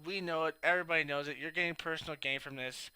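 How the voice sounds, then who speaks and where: A man's voice: a little high, steady tone, fast talker, pushed and bright, clear, resonant tone, dry recording. A man talking casually in a commentary vlog, rambling and sarcastic with lots of fillers. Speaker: YouTube commentator.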